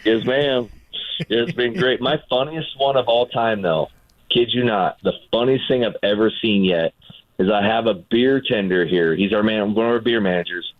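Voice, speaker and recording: A man who is a former pitcher, chatting as a radio guest and telling a story with lively acted-out voices. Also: normal speed, no echo. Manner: animated storyteller, acts out voices. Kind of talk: casual radio chat. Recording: tinny phone line.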